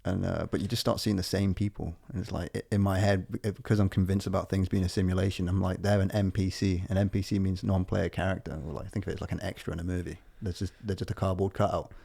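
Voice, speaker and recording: A man's voice: deep voice, flat delivery, quick pace, vocal fry, few pauses, warm tone. A man co-hosting a podcast, rambling from tangent to tangent in casual, sweary chat. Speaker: podcast co-host.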